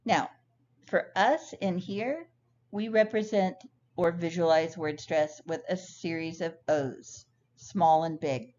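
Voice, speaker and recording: Female ESL teacher, lower-pitched, deliberate and clear, on a slightly muffled recording. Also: a little mellow. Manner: slow, clear teaching delivery with careful word examples. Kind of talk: recorded lesson.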